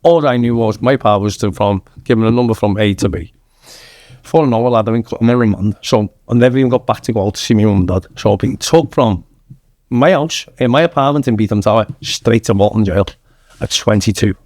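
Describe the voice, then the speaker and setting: As a podcast guest, a Mancunian man in his thirties recounts his story in a blunt, foul-mouthed way, repeatedly dropping "lad." His voice is lowish and a little mellow, fairly quick, with no echo.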